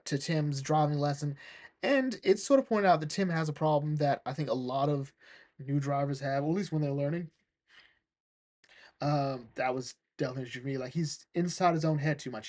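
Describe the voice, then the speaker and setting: Animated man recapping comics, fairly high voice. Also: normal speed. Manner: animated, laughs often, acts out characters' lines. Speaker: comic book reviewer.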